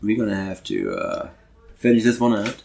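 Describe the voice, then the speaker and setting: Man, lowish voice, laid-back, podcast co-host, casual chat. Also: wildly swooping pitch, moderate pace, gravelly, darkish tone, slight background noise. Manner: laid-back, wraps up the show.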